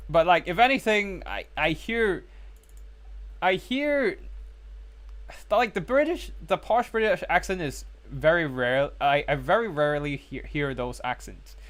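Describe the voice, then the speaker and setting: A man's voice: fairly high pitch, expressive, measured pace, fairly bright tone. Chatty man casting a live game. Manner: chatty, answers viewer chat between play calls. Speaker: tournament caster and streamer.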